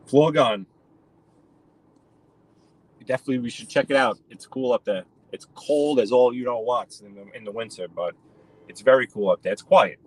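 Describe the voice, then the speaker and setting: A man's voice: mid-range voice, moderate pace, long pauses, no echo, poor audio. Casual New male streamer, rambling chat while he drives, mid-range voice. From New York. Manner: rambling, chatty, addresses viewers by name. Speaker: live-stream host. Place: in a car.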